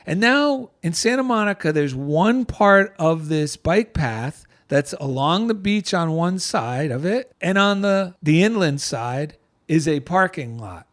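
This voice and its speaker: A middle-aged man with an East Coast American accent tells a personal story in an animated, heartfelt way. His voice sits a little high for a man. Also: a little slow. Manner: animated, gets choked up with emotion. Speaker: guest, author and veteran. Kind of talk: storytelling in conversation.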